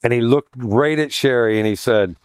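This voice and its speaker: Self-mocking pastor man with a smooth voice. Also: mid-range voice, moderate pace, no room sound, clean studio sound. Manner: self-deprecating, conversational, anecdotal; animated voicing of quoted people. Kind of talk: humorous sermon storytelling.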